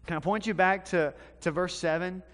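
A man from the American South preaching a sermon, telling a story with animated swings between loud and hushed delivery. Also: sits high, moderate pace. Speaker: pastor. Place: church sanctuary. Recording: long hall reverb.

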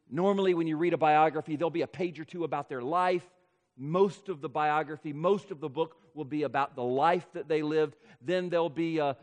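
Male pastor, high voice, emphatic sermon that slows for emphasis, recorded in a church hall with a long reverb. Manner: emphatic, slows and rises for key points. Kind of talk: expository sermon.

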